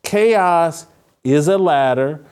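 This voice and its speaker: A man's voice: on the high side, animated, very slow, darkish tone, clean tone. A man hosting a political talk show, speaking fervently with frequent restarts. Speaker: podcast host.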